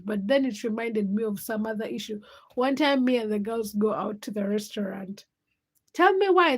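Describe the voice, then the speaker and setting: Young woman from Uganda, livestream host, chatty storyteller, slightly high voice. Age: young adult. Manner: chatty storytelling with bursts of laughter. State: sleepy. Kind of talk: casual livestream chat.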